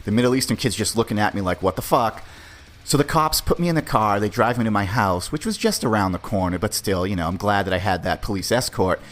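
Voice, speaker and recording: A man's voice: lowish voice, lively intonation, fast, hardly any pauses. A man hosting a podcast, telling a personal story in a laid-back, profane, conversational way. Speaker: podcast host. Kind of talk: casual storytelling.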